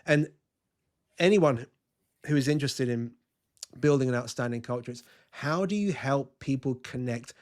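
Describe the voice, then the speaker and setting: A man talking as a guest on a podcast. He tells his stories eagerly in a mid-pitched voice, stumbling and restarting now and then as the ideas come to him. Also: moderate pace, pauses often, a little mellow. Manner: enthusiastic storytelling with frequent restarts. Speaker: guest culture consultant. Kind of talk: podcast interview.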